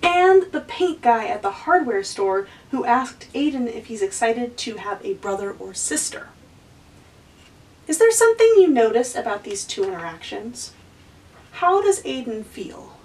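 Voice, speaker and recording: A woman's voice: fairly high pitch, darkish tone, recorded from a distance, rough recording. A woman hosting a lesson for kids, encouraging and asking the viewer questions. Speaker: children's educator and host.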